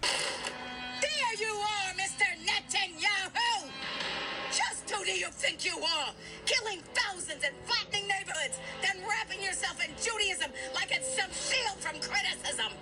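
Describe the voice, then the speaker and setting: Cartoon mom screaming in fury, sky-high shrill voice, music playing underneath. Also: female voice, expressive, a little slow. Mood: furious. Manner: accusing, confrontational. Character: furious middle-aged mother, shrill and scolding. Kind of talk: cartoon voice acting. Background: music score.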